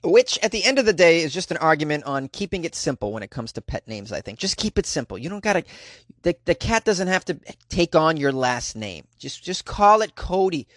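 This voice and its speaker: A man's voice: fairly high pitch, big pitch swings, brisk, no echo, studio quality. A man hosting a comedy news podcast, reading odd stories with wry, jokey asides. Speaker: podcast host.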